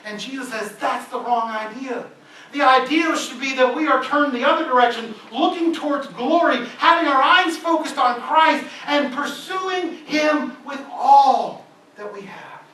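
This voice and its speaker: A man preaching a sermon in a church, in an animated, conversational way. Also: very high-pitched, unhurried, slight background noise. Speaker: guest preacher. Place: church sanctuary. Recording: echoey church hall from far off.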